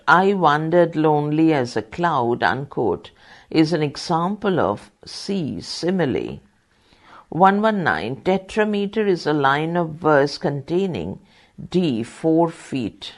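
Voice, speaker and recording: Slow, methodical woman reading quiz answers. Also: deep voice. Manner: methodical, reads punctuation and quote marks aloud and spells out terms. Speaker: volunteer reader. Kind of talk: reading exam questions and answers aloud.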